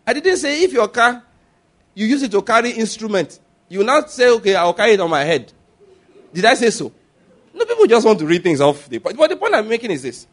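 A man preaching a sermon as a pastor, animated and often laughing as he mimics others. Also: extremely high pitch, brisk.

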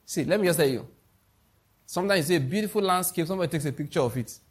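Very fast and husky, on the high side, this middle-aged pastor with a Nigerian accent delivers an emphatic sermon. Key phrases get repeated, and he checks his listeners' understanding with questions.

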